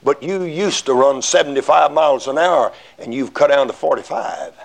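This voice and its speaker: A man preaching a sermon in a folksy way, swinging from low, quiet asides to loud shouted emphasis. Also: normal speed, gravelly. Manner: folksy, rises to shouting emphasis, acts out little dialogues.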